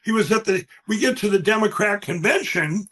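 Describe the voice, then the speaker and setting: High-pitched rambling man, emphatic storyteller. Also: lively intonation, a little fast, a bit bright. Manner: rambling, emphatic, acts out quoted voices. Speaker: guest. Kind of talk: animated interview storytelling.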